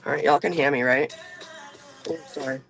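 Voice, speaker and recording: A man's voice: a little high, fairly even intonation, normal speed, gravelly, fairly bright tone, soft background music, low-quality recording. A man chatting casually to his stream viewers from his car on a phone. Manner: chatty, rambling, swears. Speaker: livestream host. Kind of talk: casual chat while driving.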